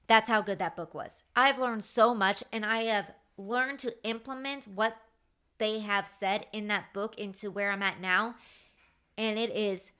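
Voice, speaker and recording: A woman, hosting her own podcast and telling work stories in a chatty, animated way, acting out what others said. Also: mid-range voice. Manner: animated, chatty, acts out quoted dialogue. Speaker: podcast host. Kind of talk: casual storytelling monologue.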